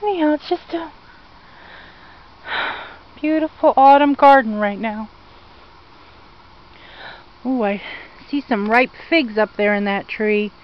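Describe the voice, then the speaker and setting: A woman with a slightly high voice wanders her outdoor garden, filming on a phone and chatting fondly to viewers about each plant. She speaks very slowly and easily. The outdoor audio comes through dull and muffled. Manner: chatty, gushing over plants, talks to viewers. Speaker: vlogger giving a garden tour. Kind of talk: casual meandering garden walk-through.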